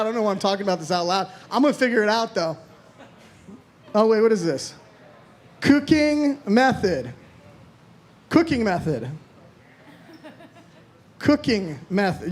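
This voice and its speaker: A man in his thirties from Florida doing a rambling, self-deprecating stand-up set, swearing freely. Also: high-pitched. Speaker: stand-up comedian.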